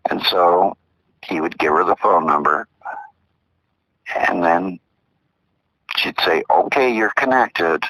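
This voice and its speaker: Low-voiced older man telling rambling stories. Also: fairly even intonation, takes it slowly, long pauses, bright, forceful tone, no echo, rough recording. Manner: rambling, repeats himself. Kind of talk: casual storytelling chat.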